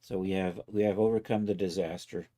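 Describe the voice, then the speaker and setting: A man casually talking himself through each step of a software task on a live stream, loose and self-mocking. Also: low voice, steady tone, brisk. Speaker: livestreaming 3D content creator.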